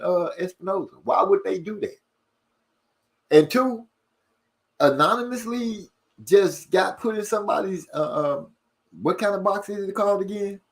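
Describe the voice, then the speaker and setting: Fast-talking man hosting a stream. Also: sits high. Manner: fast-talking, rushes and stumbles over words. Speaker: livestream host. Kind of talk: casual chat reading viewer comments.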